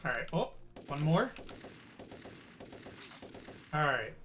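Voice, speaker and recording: A man's voice: fairly high pitch, sing-song, slow pace, a bit bright, a little hiss or hum. Chatty man streaming a game. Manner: chatty, thinks aloud, laughs easily. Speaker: gaming streamer. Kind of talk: casual let's-play commentary. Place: at home. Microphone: desk mic.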